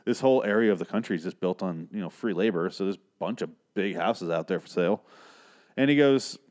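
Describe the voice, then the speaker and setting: A man's voice: low-pitched, brisk, a little mellow. A man hosting a podcast, recapping a TV episode in a casual, profane, sarcastic and rambling way. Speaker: podcast host.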